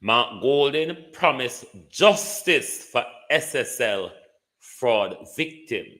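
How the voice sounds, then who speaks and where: A man's voice: medium pitch, expressive, slow, bright, forceful tone. A man with a Jamaican accent giving live political commentary, taunting and rhetorical, often asking "hmm?".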